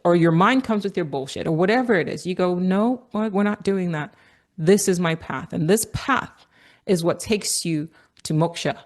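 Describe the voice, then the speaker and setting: An earnest woman from Nigeria with a somewhat low voice, telling a story in a reflective monologue. She circles back to the same phrases for emphasis and drops the odd casual swear word. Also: darkish tone. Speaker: vlogger. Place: outdoors on a walk.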